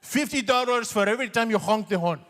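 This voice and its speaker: A man voicing his stubborn older immigrant father, who is indignant and shouty. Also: sits high, fast talker, pitched above the performer's own voice. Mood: insistent. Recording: long hall reverb on stage.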